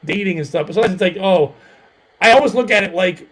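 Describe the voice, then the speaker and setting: Rambling comedian man, slightly high voice. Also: fast talker, noisy background. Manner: rambling, filler-heavy, self-deprecating. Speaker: comedian and podcast host. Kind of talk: casual storytelling chat.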